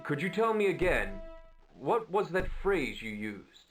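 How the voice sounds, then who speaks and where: A man's voice: fairly high pitch, big pitch swings, unhurried, a bit bright. An actor playing a polite, formal king protagonist in a video game. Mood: courteous. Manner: formal, courteous. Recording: game dialogue over guitar.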